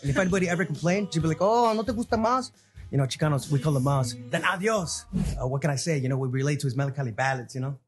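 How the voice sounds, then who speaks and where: A cheerful, motor-mouthed ex-con sidekick with a Mexican-American accent, played by a man, racing through rambling stories in a fairly high voice. He acts out everyone he quotes. The clip comes from a film, with music playing behind him. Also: animated, lightly acted. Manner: fast, tangent-prone storytelling, acting out every voice. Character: rambling, good-natured ex-con male sidekick.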